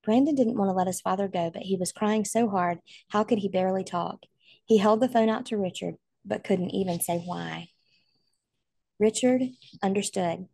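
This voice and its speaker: Woman reading a novel aloud, gravelly. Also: medium pitch, warm tone, no echo. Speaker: audiobook reader. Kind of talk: audiobook narration of a novel.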